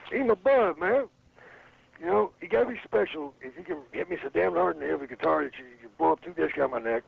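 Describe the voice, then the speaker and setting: Very gravelly male voice, profane rambling anecdotes, dull lo-fi sound. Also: sits high, animated, fast talker. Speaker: interview guest, former wrestler. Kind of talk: storytelling in a casual interview. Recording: slightly muffled with faint noise.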